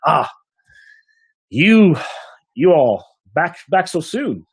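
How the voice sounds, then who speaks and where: A man's voice: fairly high pitch, very animated, extremely slow, breathy edge, pitched above the performer's own voice, heavily acted. A man voicing a middle-aged male tavern owner in a tabletop game, hesitant and haggling over costs. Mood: welcoming.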